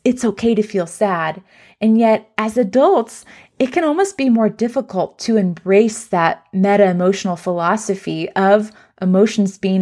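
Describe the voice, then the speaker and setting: A young adult woman hosting an educational parenting podcast, speaking in a gentle, encouraging way and modeling soothing phrases for children. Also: mid-range voice.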